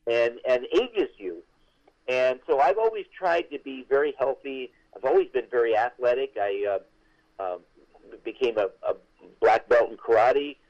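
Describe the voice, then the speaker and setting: An older man, a veteran actor, telling stories as an interview guest in a chatty, animated way with many restarts. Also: mid-range voice, normal speed, muffled recording. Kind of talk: interview storytelling.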